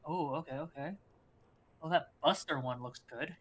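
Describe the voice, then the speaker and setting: A man's voice: a little high, normal speed, a bit bright, husky. A man streaming a video game, chatting casually and loosely with friends and laughing easily. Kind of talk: casual gaming chat.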